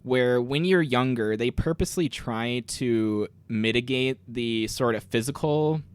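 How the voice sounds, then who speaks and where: A man's voice: mid-range voice, measured pace, clear, resonant tone. Laid-back young man explaining. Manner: laid-back, explains things with many fillers. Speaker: podcast co-host, son. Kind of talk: casual chat.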